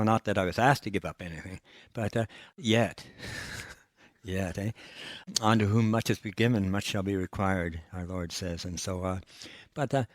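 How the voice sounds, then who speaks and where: An older man, a priest giving a gentle, folksy personal testimony that is often broken by soft chuckles. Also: on the low side, dry recording, clean studio sound.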